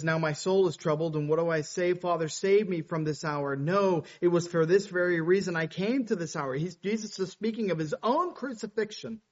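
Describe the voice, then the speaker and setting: A man's voice: fairly high pitch, dull audio. A man preaching a sermon, explaining scripture and reading Bible quotes with rising intensity.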